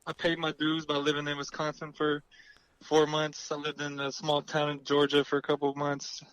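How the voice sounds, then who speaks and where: A man's voice: a little high, completely flat delivery, normal speed, a bit bright, no room sound, rough recording. A man with a Southern US accent, chatting easily as an interview guest and laughing often. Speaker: guest, football quarterback. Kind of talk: casual interview chat.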